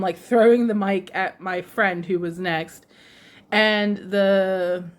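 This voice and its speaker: A woman vlogger telling a casual story in an animated way, laughing often and acting out other people's lines. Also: medium pitch. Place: lives in Japan, runs a shop with her husband.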